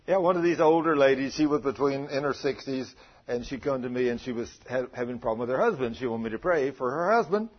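Husky folksy preacher, lo-fi recording. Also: male voice, mid-range voice, animated, fast. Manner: folksy storytelling, chuckling. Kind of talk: sermon.

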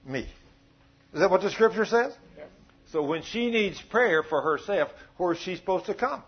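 A man preaching a sermon, telling stories in a folksy, animated way. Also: high voice, moderate pace, husky. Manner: folksy, animated storytelling with acted quotes. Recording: dull lo-fi sound.

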